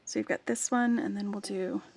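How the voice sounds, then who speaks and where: A woman vlogger talking casually through a jewelry-making project, soft-spoken and often dropping to a whisper as she works. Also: medium pitch, fairly even intonation, moderate pace. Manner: sings playfully to her dog. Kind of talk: casual crafting talk while working.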